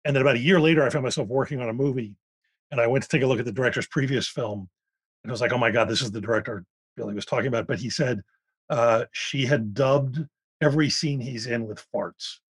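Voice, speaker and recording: A man's voice: mid-range voice, slightly rough. A man co-hosting a podcast, telling rambling stories in a casual, chatty interview. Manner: chatty, rambling storyteller with quick asides. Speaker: podcast co-host.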